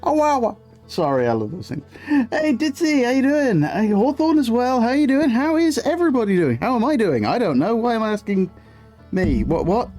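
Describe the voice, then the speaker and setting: A man's voice: high-pitched, sing-song, fairly quick, a little mellow, faint music behind. A man live-streaming a video game, chatting in a rambling, scatterbrained way and greeting viewers. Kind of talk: live-stream gameplay chat.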